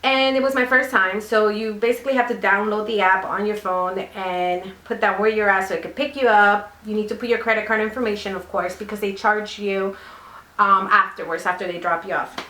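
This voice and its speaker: A woman vlogger telling a rambling story, with plenty of fillers along the way. Her voice sits at a middling pitch. The recording has a roomy echo. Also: steady tone, a little fast, pushed and bright, a little hiss or hum. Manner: chatty, rambling, many fillers. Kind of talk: casual storytime.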